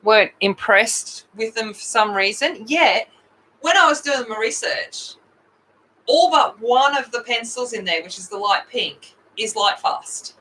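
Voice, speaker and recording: Slow, bright-voiced Australian woman streamer. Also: on the high side, rough recording. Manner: chatty, rambling, with excited outbursts. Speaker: art livestream host. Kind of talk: casual livestream chat.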